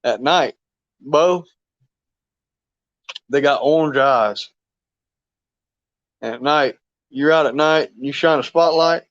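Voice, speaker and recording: A man's voice: on the high side, takes it slowly, pauses often, no echo. Folksy rambling man on a lo-fi stream. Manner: rambling, folksy, chuckles often. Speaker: fishing live stream host. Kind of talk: casual live stream chat.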